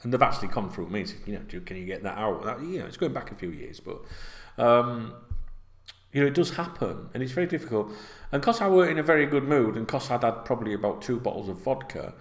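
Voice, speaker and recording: A middle-aged football vlogger sits at home rambling casually, chatty and sweary, packing in plenty of fillers. His medium-pitched voice is very animated and fast, with a roomy echo on the recording.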